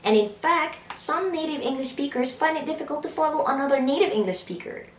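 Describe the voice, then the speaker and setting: A woman talks through a scripted lesson, upbeat and playful, tossing in quick asides. Her voice sits a little high. The room gives it a roomy echo. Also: expressive, a little hiss or hum. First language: Filipino language. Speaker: freelancing tutor. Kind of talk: scripted tutorial narration.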